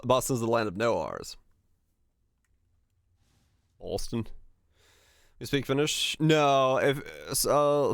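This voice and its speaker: A man with a neutral American broadcaster-like accent, livestreaming and chatting casually in a relaxed, rambling way. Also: mid-range voice, smooth, dry recording, studio quality. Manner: relaxed, rambling, many fillers. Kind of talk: casual chat while gaming.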